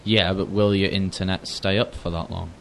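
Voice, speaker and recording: A man's voice: low-pitched, flat delivery, moderate pace, gravelly, slight background noise. A teenage man from England co-hosting a casual podcast chat, joking and teasing his friend. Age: teens. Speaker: podcast co-host. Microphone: headphones with wired mic.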